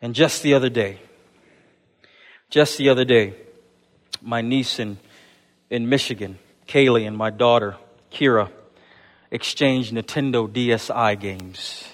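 A man's voice: medium pitch, a little slow, pauses often. A man preaching an Easter sermon to his congregation in a church, calling them "church" and building rhythmic repeated refrains. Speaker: pastor. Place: church sanctuary. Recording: long hall reverb.

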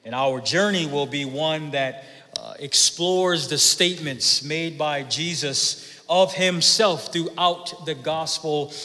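A man's voice: fairly high pitch, sharp tone, in a large hall. A man preaching a sermon, reading scripture aloud and then speaking in an emphatic way, often repeating words and saying uh. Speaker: pastor.

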